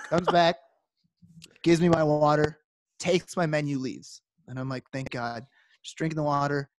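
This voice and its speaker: A man's voice: a little high, fairly even intonation, moderate pace, dry recording. A man co-hosting a podcast, telling a story in a casual way and acting out quoted dialogue with animation. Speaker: podcast co-host.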